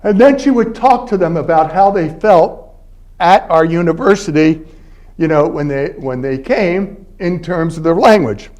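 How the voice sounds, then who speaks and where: An elderly man from Philadelphia lectures at a university, slightly higher-pitched than most men. He talks in a loose, storytelling way, stopping to check in with his listeners. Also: unhurried, a little mellow. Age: 80s. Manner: conversational storytelling, frequent "all right?" check-ins. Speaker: guest lecturer, linguist. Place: university library event space.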